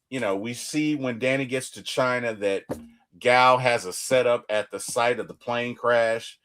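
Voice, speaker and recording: A man's voice: mid-range voice, a bit bright. A man co-hosting a TV reaction show, talking in a casual, emphatic way and often repeating words as he restarts.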